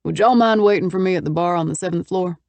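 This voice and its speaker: A woman voicing a confident, wry businessman with a Texas accent and a deep baritone in an audiobook. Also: fast, creaky, darkish tone, no echo. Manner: easygoing, wry drawl. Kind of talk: audiobook character voice.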